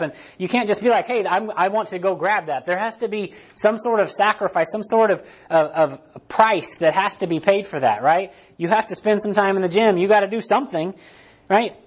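A man's voice: high voice, brisk, dull audio. A man preaching a sermon in a conversational way, often checking in with "right?" and restarting his sentences. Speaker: pastor.

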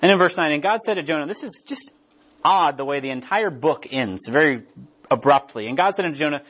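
A man gives a conversational sermon and often checks in with his listeners. His voice sits high for a man. The recording is dull and lo-fi. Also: expressive, brisk, fairly bright tone, husky. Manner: casual, keeps asking "right?". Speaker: preacher. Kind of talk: conversational Bible teaching.

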